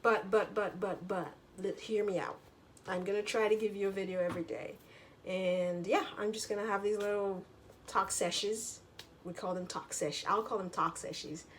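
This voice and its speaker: A woman's voice: medium pitch, fairly even intonation, moderate pace, a little hiss or hum. A woman vlogger in a casual storytelling monologue, chatty, full of filler words and casual swearing.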